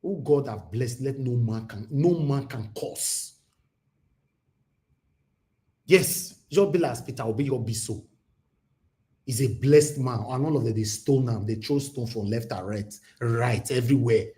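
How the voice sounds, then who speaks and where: A man's voice: mid-range voice, normal speed, warm tone. A man with a Nigerian accent hosting a livestream, talking with passion and switching into Pidgin. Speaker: livestream host. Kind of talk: livestream commentary.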